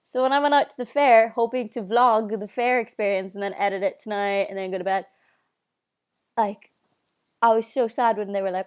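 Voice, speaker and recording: A woman's voice: mid-range voice, steady tone, fairly quick, a little mellow, clean tone. A young woman with a Northern Irish accent chatting casually on a live stream, bubbly and reading out viewer comments. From Northern Ireland. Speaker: singer hosting a live stream.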